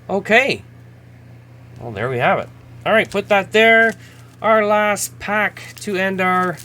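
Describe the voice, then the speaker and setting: A man's voice: a little high, a bit bright, slight background noise. A man, casually chatting as he opens trading card packs, laughing at himself and reading names aloud. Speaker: host. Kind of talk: casual card-opening commentary.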